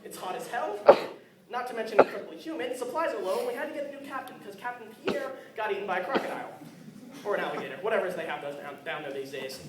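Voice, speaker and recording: A man's voice: high voice, expressive, quick pace, heavy background noise. A teenage boy doing a stand-up monologue at an open mic, nervous and self-deprecating, often stumbling over his words. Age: teens. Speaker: student comedian. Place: school hall with audience. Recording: echoey hall from far off, crowd.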